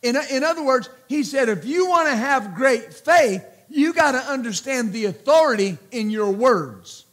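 A man preaching a sermon as pastor, slow and emphatic, repeating words and calling out praise between points. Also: extremely high pitch, expressive, fairly bright tone.

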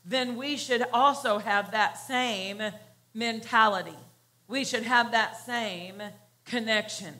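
A woman pastor preaching a sermon, slow and emphatic, repeating key phrases for weight. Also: fairly high pitch, sharp tone.

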